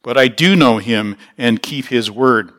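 A male pastor teaching a Bible passage verse by verse, at an ordinary pitch for a man. His tone is bright and forward. He explains as he goes, pausing to restart a phrase now and then.

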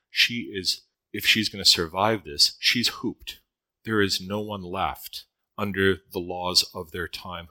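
Deep bright-toned man preaching. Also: dry recording, rough recording. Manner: conversational Bible teaching with personal stories. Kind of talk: sermon.

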